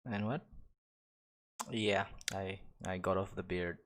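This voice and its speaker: A young man streams himself drawing and chats casually in a deep, fairly bright voice, taking it slowly with fairly even intonation. He rambles, keeps restarting, leans on fillers, and chuckles often.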